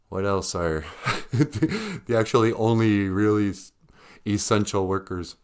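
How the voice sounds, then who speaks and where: A man's voice: lowish voice, lively intonation, slow pace, clean tone. A man hosting a podcast in a casual comedic monologue, sardonic and laughing at his own jokes. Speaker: podcast host.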